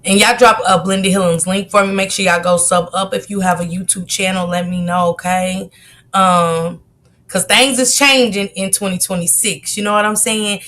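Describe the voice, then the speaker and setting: A woman's voice: mid-range voice, steady tone, moderate pace, a bit bright. A woman hosting a casual livestream while sick with a cold, greeting her viewers by name in sisterly chatter. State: sick with a cold, coughing and sneezing. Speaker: livestream host.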